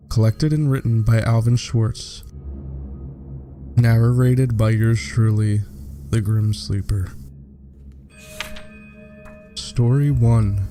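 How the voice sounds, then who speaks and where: A man narrating scary stories in a theatrical, scripted way, with slow dramatic pauses. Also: medium pitch, vocal fry, warm tone, no echo. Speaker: horror story narrator.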